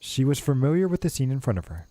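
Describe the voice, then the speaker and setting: A man's voice: mid-range voice, sing-song, quick pace, dark tone, no room sound. A man streaming a game, casually reading the story text aloud with asides. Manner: casual, with filler asides and restarts.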